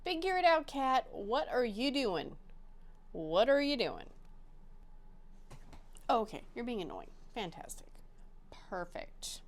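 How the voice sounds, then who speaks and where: Bubbly high-voiced woman, slow chatty. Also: sing-song. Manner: bubbly, chatty, self-mocking. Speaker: crafting channel host. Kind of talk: casual chat to camera.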